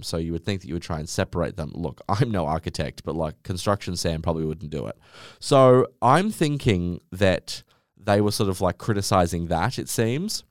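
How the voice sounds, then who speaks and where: A man's voice: low voice, no echo, clean studio sound. A man hosting a solo podcast, talking in a sarcastic, rambling way and swearing often. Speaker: podcast host.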